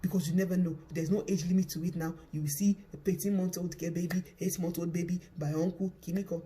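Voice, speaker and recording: A man with a high, mellow voice delivers a fast, impassioned spoken appeal as a worried parent. He pleads urgently and circles back to the same phrases again and again to drive each point home. The tone stays earnest and pressing throughout. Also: fairly even intonation, slight background noise.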